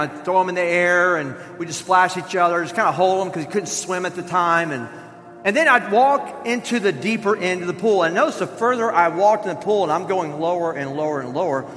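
Bright-voiced pastor preaching in a reverberant church. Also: male voice, high voice. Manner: animated storyteller who acts out quoted voices. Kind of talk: sermon storytelling. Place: church sanctuary.

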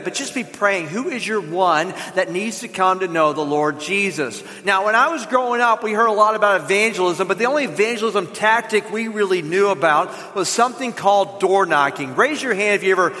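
A man with a Southern American accent preaching a lively, joking sermon to his congregation in a church. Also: high voice, in a large hall. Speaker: pastor. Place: church sanctuary.

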